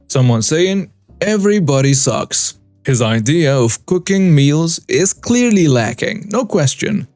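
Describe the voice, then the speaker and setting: A man's voice: fairly high pitch, no echo. A man narrating a reader-submitted story as scripted narration, reading in short clipped phrases. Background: soft background music.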